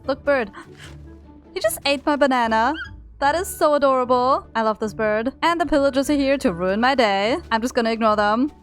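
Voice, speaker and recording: A bubbly woman with a high, light voice narrates her gameplay in a chatty run. She coos at in-game animals in baby talk and now and then bursts into squeals. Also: moderate pace, faint music behind. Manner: bubbly, breaks into squeals and frightened shrieks. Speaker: gaming video creator.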